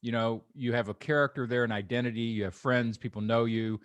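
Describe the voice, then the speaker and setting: A man's voice: medium pitch, fairly even intonation, a little fast, no echo, highs cut off. A man hosting a podcast, musing reflectively in casual conversation. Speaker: podcast host.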